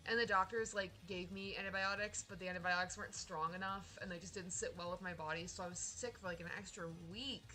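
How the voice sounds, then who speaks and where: A young woman streaming, chatting casually in an excitable, rambling way with lots of laughter. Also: lowish voice, fast, few pauses, soft background music. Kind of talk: casual live-stream chat.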